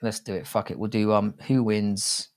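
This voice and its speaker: A man's voice: fairly low pitch, steady tone, moderate pace. A young man hosting a casual live stream, rambling and swearing freely with many restarts.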